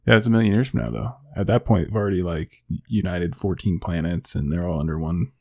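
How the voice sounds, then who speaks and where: Gravelly, dark-voiced man joking around. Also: sits low, a little fast, no echo, studio quality. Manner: joking, deadpan teasing. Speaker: podcast co-host. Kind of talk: casual banter.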